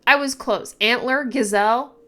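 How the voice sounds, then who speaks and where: A woman reacting casually to a manga, thinking aloud with lots of fillers and restarts, and breaking into excited exclamations and giggles. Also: a little high, normal speed. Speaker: manga reaction channel host.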